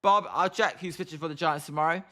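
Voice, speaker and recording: A British man commentating a baseball game on a live stream, calling pitches and chatting with viewers by name. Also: fast, pushed and bright. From Britain. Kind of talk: casual live play-by-play and chat reading.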